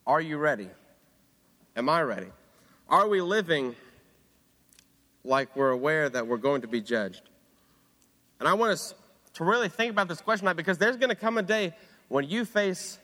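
Young male student preacher, bright raised voice, earnest, long reverb of a hall. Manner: earnest, drops low and quiet on quoted words. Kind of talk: sermon.

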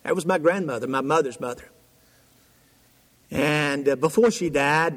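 A male pastor delivers a sermon with a high voice and a rhythmic, repetitive cadence. He drops dramatic pauses between short phrases, and a long reverb from a church hall follows his words. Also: fairly bright tone.

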